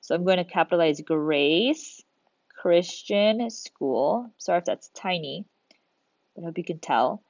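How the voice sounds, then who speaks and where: A woman teaching a grammar lesson to the camera, patient and methodical, reasoning aloud through each step. Her voice sits a little low, and the recording is dry and slightly muffled, with a dull lo-fi tone. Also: expressive, a little slow, a little mellow, no echo.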